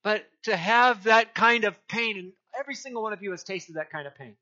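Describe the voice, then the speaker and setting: A man's voice: sits high, a little fast, bright, forceful tone, dull audio. An older man preaching a sermon as pastor, earnest and rambling, restarting sentences and crying out for emphasis.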